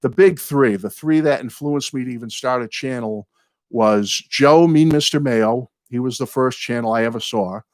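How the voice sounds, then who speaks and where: An older man hosting his own live chat, greeting viewers and rambling excitedly through fan stories and thank-yous. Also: mid-range voice, normal speed, no echo, studio quality. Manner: rambling, excitable, apologizes for going off on tangents. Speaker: host of a music fan channel.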